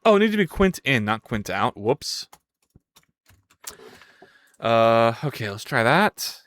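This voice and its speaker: With a sing-song, slow delivery and fairly bright tone at medium pitch, a live streamer codes while thinking aloud. Between tasks they chat playfully with viewers, and yelp and swear when things go wrong.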